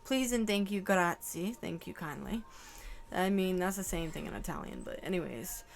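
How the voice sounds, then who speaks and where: A woman's voice: lowish voice, lively intonation, normal speed, gravelly, slight background noise. A woman giving a casual channeled tarot reading to camera, emotional and exclaiming, swearing casually. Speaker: tarot reader.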